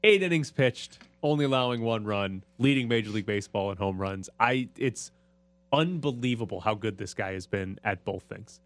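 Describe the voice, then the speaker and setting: A man's voice: on the low side, animated, normal speed, no echo. A man co-hosting a casual sports chat, rattling off statistics and teasing his co-host.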